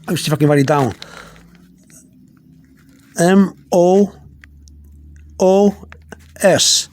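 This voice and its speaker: Slow and a little mellow, this high male voice belongs to a Spanish teacher running a casual pronunciation lesson. He records on a handheld phone, repeating words patiently and frequently starting over.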